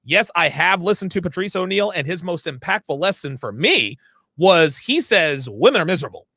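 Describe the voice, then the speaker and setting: A man's voice: high voice, lively intonation, normal speed, sharp tone, no room sound, clean studio sound. A man hosting a livestream, reading viewer messages aloud and answering them in a blunt, emphatic way, sometimes stopping to fix his own words. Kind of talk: casual livestream talk.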